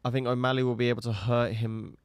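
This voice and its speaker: A man's voice: mid-range voice, fairly even intonation, quick pace, smooth, dry recording. A young man co-hosting a podcast, laid-back and jokey, swearing in casual chat. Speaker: podcast co-host.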